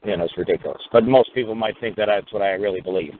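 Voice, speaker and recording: A low-voiced man hosts a call-in talk show, blunt and sarcastic and quick to swear. His voice comes through a tinny phone line with a faint hiss behind it. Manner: blunt, profane and sarcastic, rising to ranting.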